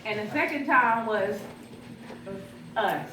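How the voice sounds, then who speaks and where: A woman telling fond, gently humorous stories at her grandfather's funeral. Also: a little high, slow pace, noisy background. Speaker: granddaughter giving a eulogy. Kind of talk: emotional memorial speech. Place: church funeral service. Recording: echoey hall, distant mic, crowd.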